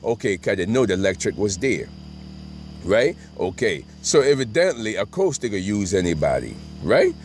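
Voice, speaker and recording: A man's voice: on the low side, sing-song, moderate pace, slight background noise. A middle-aged man telling a rambling, profane story and often asking "right?". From Brooklyn, New York.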